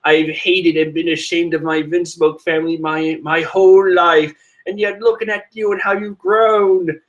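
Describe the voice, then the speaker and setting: A man reading the lines of a gentle young noblewoman without trying to sound female. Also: fairly high pitch, level tone, normal speed, dull audio, natural voice. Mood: tender. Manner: plain reading voice, no attempt at a female voice. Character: young woman noble, gentle, inwardly grateful.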